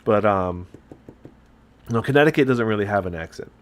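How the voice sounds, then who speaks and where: A man's voice: lowish voice, expressive, normal speed. A middle-aged man from upstate New York hosting a hobby painting video. He talks in a rambling, chatty way as he explains his work. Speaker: miniature painting host. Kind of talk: casual chat while painting.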